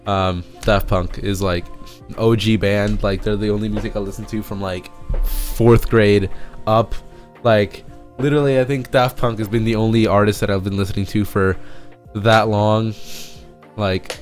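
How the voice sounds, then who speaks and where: A young man rambling in a casual live stream chat, excitable and swearing, often breaking into laughs and going off on tangents. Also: on the low side. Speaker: streamer reacting to a music EP. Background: faint music playing.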